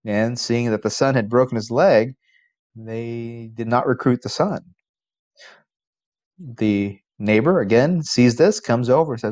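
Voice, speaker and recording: A male philosophy professor giving a college lecture at a middle pitch. He is conversational and often poses rhetorical questions. He grows animated in stories and restarts phrases as he goes. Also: unhurried.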